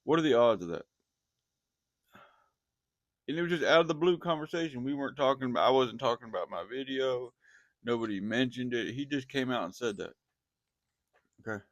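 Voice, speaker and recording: A man who preaches casually to his viewers, animated and repeating himself as he talks straight at them. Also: medium pitch, a little fast, long pauses, no echo, muffled recording. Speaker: online preacher.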